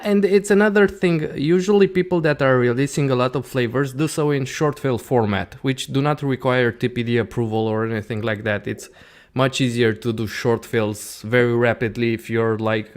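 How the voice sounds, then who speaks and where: A man's voice: medium pitch, moderate pace. A male host, a native Romanian speaker, leads the interview in English with a mid-range voice. He often recaps what his guest said and adds his own explanations before the next question. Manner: steady questioner, rephrases and summarizes the guest's points.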